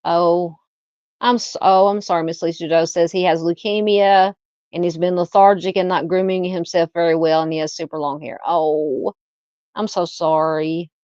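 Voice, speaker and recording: A woman's voice: fairly low pitch, little pitch movement, normal speed, darkish tone, clean tone, no room sound, lo-fi sound. A woman with a Southern American accent hosting a casual livestream, chatting and reading out viewer comments. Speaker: livestream host. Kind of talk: casual live-chat.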